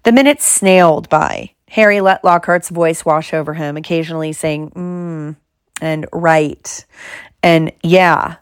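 Calm woman reading a storybook aloud. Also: low-pitched, smooth, dry recording, studio quality. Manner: calm, measured narration. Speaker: audiobook reader.

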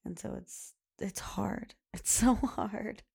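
A woman's voice: mid-range voice, fairly even intonation, slow pace, vocal fry, darkish tone, slightly rough. A young woman hosting a podcast, talking in a rambling, chatty way full of "like" and "you know". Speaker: podcast host. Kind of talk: casual chat.

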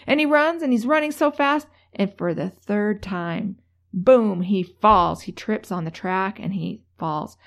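A woman with a fairly high voice speaks at normal speed in a motivational talk. Chatty and prone to fillers and restarts, she livens up as she tells her stories.

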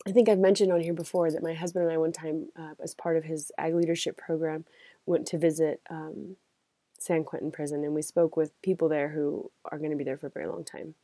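A woman's voice: deep voice, flat delivery, a little fast, mellow, dry recording. A woman hosting a podcast in a casual, rambling, reflective monologue, often laughing, recorded on AirPods at a cabin. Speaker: podcast host. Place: family cabin.

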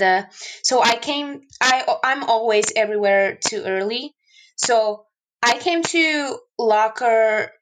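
A young woman guest on a podcast, telling stories in casual chat and speaking English as a second language. She talks in an animated way, full of fillers and restarts, and laughs often. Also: on the high side, slight background noise, rough recording. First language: not English. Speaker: podcast guest, hockey player.

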